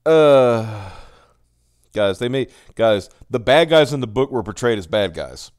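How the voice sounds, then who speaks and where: A man's voice: mid-range voice, lively intonation, measured pace, darkish tone, smooth, no room sound, studio quality. A man co-hosting a casual live stream, sarcastic and laughing often, reading chat comments aloud. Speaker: podcast co-host.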